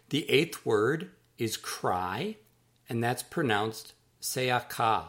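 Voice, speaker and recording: Slow, deliberate man teaching pronunciation. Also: medium pitch, lively intonation, a bit bright. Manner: repeats each word slowly and deliberately. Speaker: author teaching word pronunciation. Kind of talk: slow, careful pronunciation lesson.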